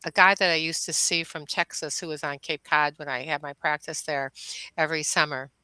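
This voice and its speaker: Animated storytelling woman, bright and forward. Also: low voice, a little fast, clear, resonant tone, no echo, poor audio. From suburbs of Detroit. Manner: animated, acts out quoted dialogue, laughs often. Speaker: guest, chiropractor and intuitive healer. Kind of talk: casual podcast storytelling.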